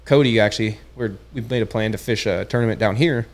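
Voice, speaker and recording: A young man with a fairly low voice tells his story in an easygoing, laid-back chat. He keeps dropping "dude" into his sentences and acts out the lines he quotes as if he were living the moment again. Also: quick pace. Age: young adult. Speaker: podcast guest, tournament angler. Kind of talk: casual chat.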